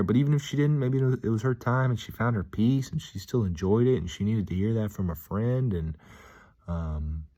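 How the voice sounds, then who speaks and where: A man with a low, deep voice rambles through a casual vlog, upbeat and reflective. He drifts between thoughts with frequent pauses. He is talking from a gym. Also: mellow. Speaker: vlogger.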